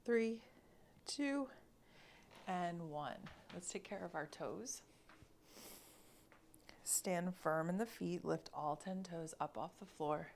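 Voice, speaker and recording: A woman instructor guiding a mobility class, cueing each movement calmly and counting down slowly. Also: on the low side, slight background noise. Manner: slow, calm cueing with counted breaths. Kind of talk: guided exercise class.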